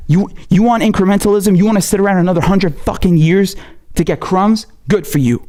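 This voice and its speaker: A man who isn't from America rants at his audience, heated and scolding, repeating himself and swearing at every turn. His voice sits slightly high but has a mellow, warm tone. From not American. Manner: profane, scolding, repetitive and heated. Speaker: political commentator. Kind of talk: angry ranting monologue.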